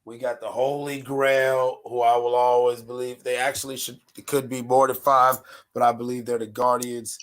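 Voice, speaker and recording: A man from North Carolina with a raspy, nasal voice, chatting casually as a podcast host in a laid-back, rambling, slangy way. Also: mid-range voice, level tone, moderate pace, fairly bright tone. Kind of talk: casual chat.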